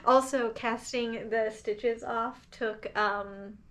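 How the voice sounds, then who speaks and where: A woman's voice: a little high, steady tone, slow pace, fairly bright tone. A young woman vlogging casually at home about her knitting, chatty with plenty of fillers and little laughs. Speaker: crafting vlogger. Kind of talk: casual vlog chat.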